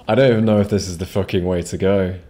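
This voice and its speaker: A man's voice: low voice, a bit bright. A man streaming a game live, rambling casually, swearing freely and chatting with his viewers. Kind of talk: casual live gameplay commentary.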